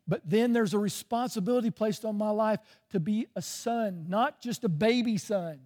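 A man's voice: sits high, moderate pace, darkish tone. A man preaching a sermon as pastor, conversational, often checking in with "right?".

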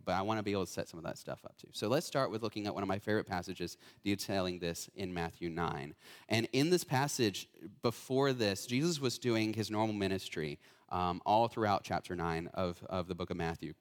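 Young guy preaching in a big echoey church, lowish voice, super casual, lots of um and uh. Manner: casual, talkative, lots of fillers and self-corrections. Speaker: guest speaker. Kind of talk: sermon. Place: church hall.

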